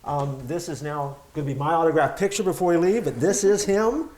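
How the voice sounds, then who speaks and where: A host wrapping up an interview, joking and rambling with quick restarts. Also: medium pitch, darkish tone. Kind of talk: interview chat. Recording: echoey room.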